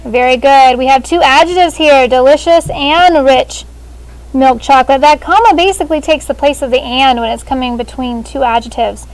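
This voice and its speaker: A high-pitched woman leads a grade-school grammar lesson, brisk and businesslike as she calls on students one by one. She speaks through a face shield in a classroom. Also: low-quality recording. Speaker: sixth grade language teacher. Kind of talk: classroom teaching.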